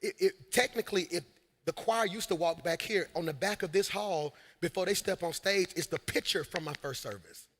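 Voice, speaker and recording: A man preaching a live sermon, energetic, shouting at peaks and calling out to the congregation. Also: sits high, normal speed. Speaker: senior pastor. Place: large church hall. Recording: live hall with long reverb.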